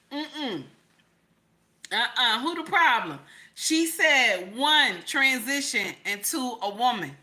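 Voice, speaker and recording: A woman reacting live to a clip and reading her chat aloud, loud and laughing, repeating her questions over and over. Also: fairly high pitch.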